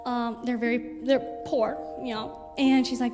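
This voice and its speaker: A woman's voice: a little high, measured pace. A young woman, a missionary, chattily telling stories over a slideshow with lots of "like" fillers. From United States. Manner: chatty, animated storyteller with many "like" fillers. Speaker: missionary speaker. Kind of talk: casual slideshow testimony to a congregation. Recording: reverberant hall with music behind.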